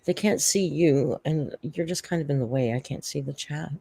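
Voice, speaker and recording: A woman's voice: low-pitched, normal speed, creaky, dark tone, breathy edge, no echo. A woman hosting a casual livestream from home, rambling and chatty as she thanks chat members, on a desk microphone. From Canada. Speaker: livestream host.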